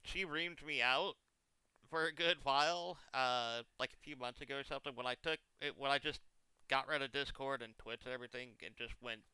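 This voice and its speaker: A man's voice: mid-range voice, fairly even intonation, a little fast, pushed and bright, clear, resonant tone, no room sound. A young man chatting casually as a streamer, telling long comic stories with exaggerated quoted lines. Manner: rambling comic storytelling, exaggerated quoted voices. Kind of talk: casual chat.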